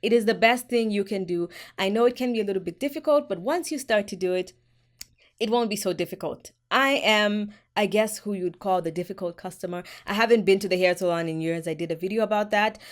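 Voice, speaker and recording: A woman talks straight to her viewers in a hair care vlog. Her voice sits at an ordinary pitch, and she speaks frankly and with emphasis as she hands out advice. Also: a little fast. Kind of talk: direct-to-camera advice vlog.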